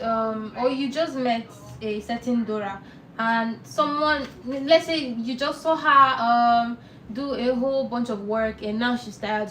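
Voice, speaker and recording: A woman with a fairly high voice teaches a live online lesson, explaining patiently and repeating each word slowly. She sits back from the mic in an echoey room, with a faint hiss underneath. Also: a bit bright, distant mic. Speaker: Korean language teacher. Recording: roomy echo, off-mic, faint noise.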